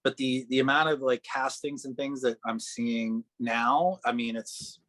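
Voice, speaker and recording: Chatty Boston-raised actor, dry sound. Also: male voice, medium pitch, a little slow, no echo. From Boston, Massachusetts. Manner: relaxed, chatty, laughs often. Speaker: actor guest. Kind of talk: casual podcast chat.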